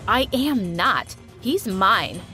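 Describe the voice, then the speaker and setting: A scornful younger sister with a cold, dismissive bite, voiced low against the narrator's usual register, as a woman puts her on. Soft music plays faintly underneath. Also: sing-song, drawn-out words, full character voice.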